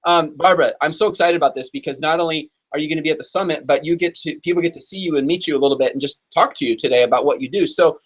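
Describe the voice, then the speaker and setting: A man from Texas hosting a live interview show. He talks in an upbeat, chatty way, full of quick asides. His voice sits a little higher than most men's. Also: breathy edge. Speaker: host.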